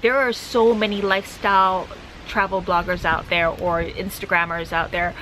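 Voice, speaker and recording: A woman travel vlogger talking quickly and candidly to her viewers in a casual chat to camera. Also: fairly low pitch, little pitch movement, sharp tone, slight background noise, rough recording. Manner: fast, chatty, candid.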